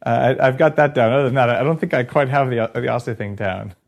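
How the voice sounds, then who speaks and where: A man's voice: mid-range voice, quick pace, gravelly. A man hosting a casual podcast conversation, dry-humored, often stumbling over his first words. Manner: dry humor, stammering restarts. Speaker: podcast host.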